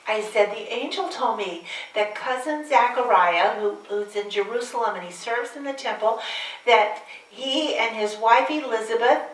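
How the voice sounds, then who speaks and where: A woman's voice: a little high, normal speed, far from the mic, lightly acted. A woman playing an older Mary, wry and chatty, echoey room. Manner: chatty, wry asides to the audience. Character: aged Virgin Mary, wry, homespun storyteller. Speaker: one-woman stage performer. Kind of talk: live character monologue.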